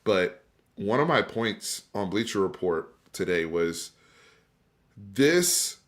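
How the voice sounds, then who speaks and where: A sports talk show host runs a casual debate on a live stream, speaking emphatically and conversationally straight to his viewers. When he gets fired up he repeats and restarts words. His voice sits lowish with a fairly bright tone.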